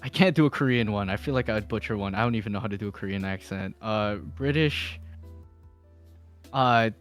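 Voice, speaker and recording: A man's voice: lowish voice, fairly quick, soft background music. A man talking as a podcast guest in casual chat, rambling with fillers and restarts and laughing often. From Philippines.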